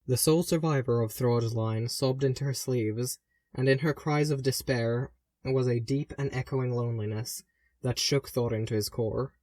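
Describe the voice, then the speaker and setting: A man reading a fantasy story aloud in a gentle, measured narration. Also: mid-range voice, fairly even intonation, no room sound, studio quality. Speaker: audiobook reader. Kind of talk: fan audiobook narration.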